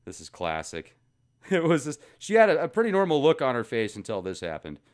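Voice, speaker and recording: A man's voice: medium pitch, huge pitch swings, fairly quick. A man hosting a casual commentary video, joking and rambling between topics. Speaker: video host.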